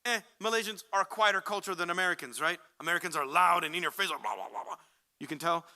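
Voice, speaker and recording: A man, addressed as Sheikh, giving casual, animated advice to a young audience, acting out quoted people with jokes. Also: high voice, quick pace. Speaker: Islamic speaker answering questions.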